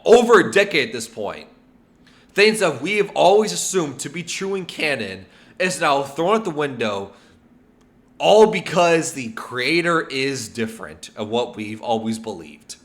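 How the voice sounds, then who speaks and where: A man hosting a casual video game lore video, animated and full of rhetorical questions and filler ums. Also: fairly high pitch. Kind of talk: casual lore theorizing to camera.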